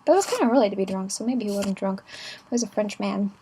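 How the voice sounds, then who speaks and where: A young woman chatting casually in a travel vlog, giggly and playful with quick asides. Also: mid-range voice, lively intonation, warm tone, slight background noise. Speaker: vlogger.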